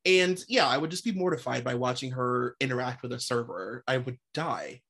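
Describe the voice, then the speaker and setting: A woman's voice: a bass voice, moderate pace, a bit bright, husky. A woman in casual gossipy chat, emphatic and laughing often.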